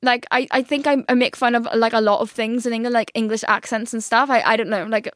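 A woman's voice: fairly high pitch, fast, dry recording, clean studio sound. Rambling Northern Irish young woman. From Northern Ireland. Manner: rambling, heavy on filler words, swears freely, animated venting. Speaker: podcast host. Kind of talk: casual storytelling monologue. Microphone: studio podcast mic.

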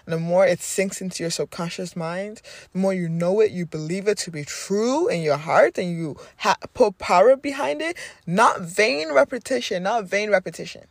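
A woman's voice: fairly low pitch, no room sound. A woman podcast host delivering a spiritual affirmation talk, repeating phrases with rhythmic emphasis.

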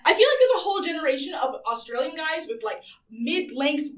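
A woman's voice: high voice, big pitch swings, a little fast, a bit bright, recorded from a distance. A young woman co-hosting a podcast, recapping a reality show in casual chat, laughing often and leaning on "like". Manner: chatty, laughs often, fillers like "like". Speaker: podcast co-host.

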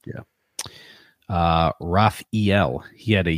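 A man co-hosting a podcast in relaxed chat, reading out quotes with small chuckles. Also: deep voice, takes it slowly, no room sound, clean studio sound. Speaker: podcast co-host.

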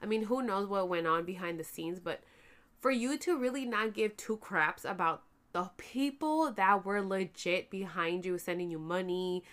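A pregnant, tired woman chatting casually to her viewers as a vlogger, animated and swearing freely. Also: mid-range voice, moderate pace. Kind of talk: casual chat to camera.

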